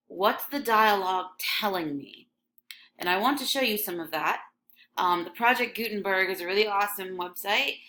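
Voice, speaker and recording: A woman teaching a high school English class in a recorded lecture, conversational, checking in often with "okay?" and the odd filler. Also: sharp tone.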